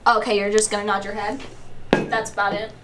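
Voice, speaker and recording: A woman's voice: mid-range voice, level tone, a little fast, noisy background. A woman coworker in an office comedy skit, nagging and exasperated as she questions him. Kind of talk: mockumentary comedy acting.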